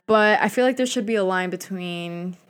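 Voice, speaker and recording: A woman's voice: medium pitch, normal speed, clear, resonant tone. A young woman talking casually to camera in a chatty, conspiratorial monologue with slangy asides.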